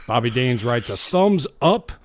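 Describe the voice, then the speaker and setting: A man's voice: medium pitch, very animated, a little slow. A man hosting a live show, joking and laughing as he reads out viewer comments. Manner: jokey, laughs between comments. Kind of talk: casual live-stream chat reading viewer comments.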